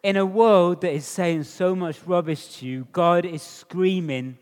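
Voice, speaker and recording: A man preaching a sermon in a conversational, animated way, asking the congregation rhetorical questions. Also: high voice, a little slow, few pauses, clean tone. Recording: long reverb of a large hall.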